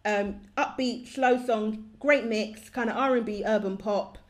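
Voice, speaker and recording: A woman's voice: fairly high pitch, unhurried. A woman co-hosting a music review show in casual chat, enthusiastic and opinionated.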